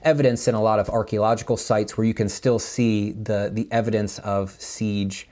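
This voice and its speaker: A man preaching a sermon, reading scripture with lively voiced speeches and chatty asides full of fillers. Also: normal speed. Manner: animated, voices biblical speakers with pitch jumps. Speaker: pastor.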